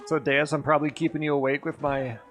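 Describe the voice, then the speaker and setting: A man from Wisconsin chats loosely on a live stream from his garage. His voice sits a touch high, and his stories wander with plenty of swearing. Soft music plays faintly underneath. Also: flat delivery, fast. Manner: rambling, profane nostalgic storytelling. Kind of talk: casual stream chat. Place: home garage with a green screen.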